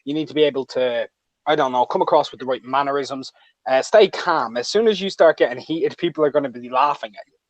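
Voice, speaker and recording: A man talking as a guest in a casual chat, explaining his points in a measured way with some hesitation. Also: medium pitch, no echo, muffled recording.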